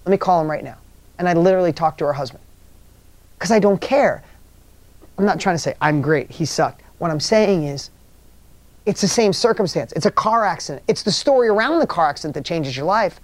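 Here a man's high-pitched, expressive voice moves briskly through a motivational workshop, with no room sound. Emphatic stories, repeated key phrases, and rhetorical questions to the audience mark his delivery.

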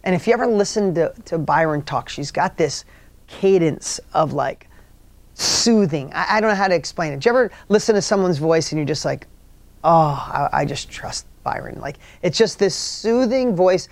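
A man's voice: high-pitched, expressive, fairly quick, no room sound. A middle-aged man giving a motivational talk, earnest and rambling, often restarting his sentences. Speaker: motivational speaker.

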